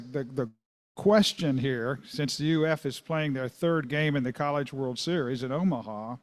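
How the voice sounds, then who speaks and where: A man leading an opening prayer at a club meeting, starting hesitantly and then speaking in a measured, earnest way in a museum meeting hall. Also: mid-range voice, darkish tone. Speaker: giving the invocation.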